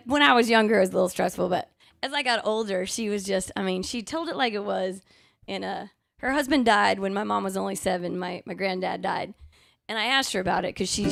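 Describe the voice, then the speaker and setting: A woman's voice: medium pitch, creaky, no room sound. A woman singer chatting casually and telling stories between songs on a live music show. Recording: live music playing behind the voice.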